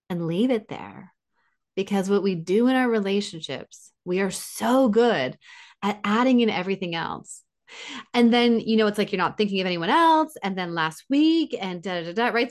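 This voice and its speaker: A woman giving relationship advice in a conversational interview, animated and acting out what partners say, with frequent laughs. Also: medium pitch. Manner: animated, acts out quoted partners, laughs often. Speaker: relationship expert guest.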